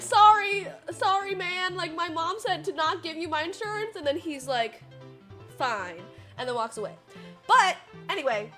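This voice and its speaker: A young woman in her twenties livestreaming, talking in a rambling, animated way with many fillers and some swearing. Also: high voice. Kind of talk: casual stream chat, storytelling.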